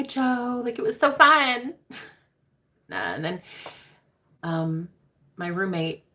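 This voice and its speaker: Gravelly, low-voiced woman telling a story. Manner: candid, profane, chatty, addresses listeners as girl. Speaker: tarot reader. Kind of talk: casual storytelling to viewers.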